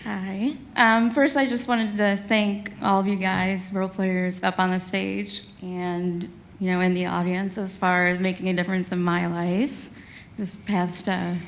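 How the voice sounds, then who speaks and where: A woman's voice: mid-range voice, slight background noise. A woman in the audience, earnest and grateful, a little nervous as she asks the panel her question. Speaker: audience member asking a question.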